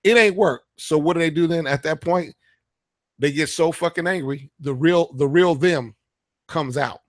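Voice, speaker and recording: A man's voice: fairly high pitch, moderate pace, no room sound, clean studio sound. A man hosting a radio show, ranting in a heated, profane, emphatic way in casual talk. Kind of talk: casual political rant.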